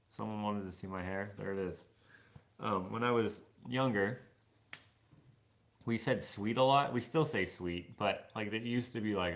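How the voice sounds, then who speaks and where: A young man with a low, gravelly voice chats loosely through a live Q&A. He reads viewer comments aloud and wanders off on tangents as he goes. He is washing dishes at home in his kitchen. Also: fairly bright tone. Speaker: vlogger answering live questions. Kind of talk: casual live Q&A chat.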